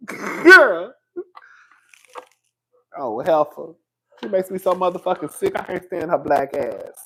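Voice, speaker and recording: A man's voice: sits high, big pitch swings, slow, pauses often, a bit bright, a little hiss or hum, poor audio. A man giving casual celebrity gossip commentary, sassy and profane, laughing often and calling his listeners "girl". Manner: sassy, profane, chatty, calls the audience "girl"; laughs often between lines.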